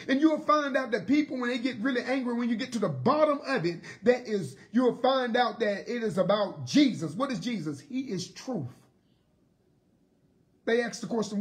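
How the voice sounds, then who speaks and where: Bible study preacher, lively rising and falling delivery, emphatic repetition, mid pitch. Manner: emphatic, with rhetorical questions and repetition.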